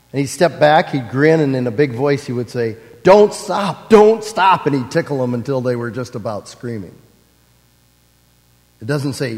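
A man, a pastor, preaching a sermon with slow, deliberate phrasing. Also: mid-range voice, in a large hall.

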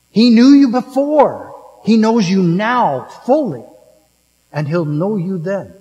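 A man preaching a sermon in a storytelling manner, moving between emphatic lines and hushed ones. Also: fairly high pitch. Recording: long reverb of a large hall.

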